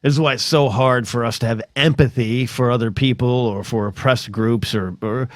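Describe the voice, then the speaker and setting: A man's voice: mid-range voice, fairly even intonation, moderate pace, no echo, studio quality. A middle-aged man hosting a solo podcast, telling stories in a rambling, chatty way full of asides. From United States. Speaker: podcast host.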